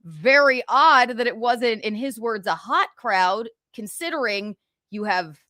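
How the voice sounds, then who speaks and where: A woman's voice: fairly high pitch, animated, measured pace, pushed and bright, no echo. Sarcastic woman gossip streamer, dry mic. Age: 30s. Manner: sarcastic, profane, laughing asides. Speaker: livestream host. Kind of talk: casual gossip commentary.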